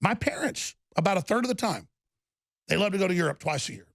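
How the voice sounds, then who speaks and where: Male talk host, gravelly and husky, impassioned rant with shouted outbursts. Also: sits high, animated, fast, dry recording, clean studio sound. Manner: impassioned, bursts into angry shouting. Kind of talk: ranting monologue.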